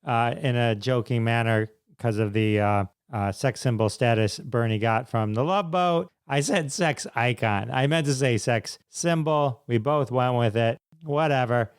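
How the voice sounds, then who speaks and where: A male podcast host with a smooth, clear, mid-pitched voice introduces his guest with upbeat enthusiasm. The sound is close and dry, with no room around it. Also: measured pace, few pauses, dry recording.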